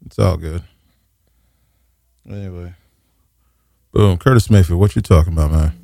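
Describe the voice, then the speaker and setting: A man hosting an internet radio show from a New studio, delivering a comic rant that swings into shouted, mocking voices. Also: low voice, normal speed, vocal fry. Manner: exasperated ranting, shifts into shouted mocking voices.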